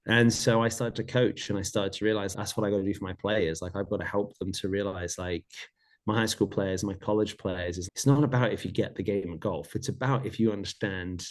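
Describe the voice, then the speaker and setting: Earnest, low-voiced man telling his story. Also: fairly even intonation, a little fast. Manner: earnest, reflective, acts out remembered dialogue. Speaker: golf coach and podcast guest. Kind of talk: candid personal storytelling in conversation.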